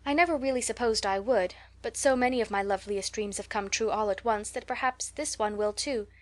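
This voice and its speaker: A woman's voice: mid-range voice, fairly quick, lightly acted. A woman reading an audiobook, voicing a talkative, dreamy eleven-year-old orphan girl who gushes in a breathless, romantic way. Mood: eager.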